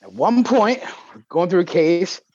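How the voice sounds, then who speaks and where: Podcast co-host, man, high lively voice, swears a lot, acts out his stories. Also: measured pace, husky. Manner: animated, profane, mimics voices in his stories. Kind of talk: casual storytelling chat. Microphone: video call. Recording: dull lo-fi sound.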